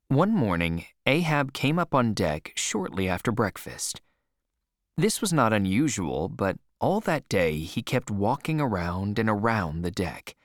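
A man reading a storybook chapter aloud in slow, clear and expressive scripted narration. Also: on the low side, no echo, studio quality.

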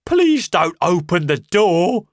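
A man voicing a short, stout, terrified man who shouts in panic, his voice high and shrill. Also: very animated, slow pace, no echo, studio quality, full character voice. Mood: frightened.

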